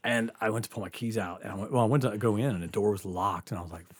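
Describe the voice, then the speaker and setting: A man's voice: on the low side, fairly even intonation, fast. Laid-back man telling a story. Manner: laid-back, laughs often, swears freely. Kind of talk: casual storytelling.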